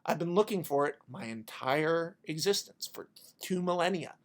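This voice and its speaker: A podcaster doing a god of war, vengeful, menacing, ranting, comedic fan pitch. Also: moderate pace, close to an everyday voice. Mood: menacing, low. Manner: menacing, then ranting in rage.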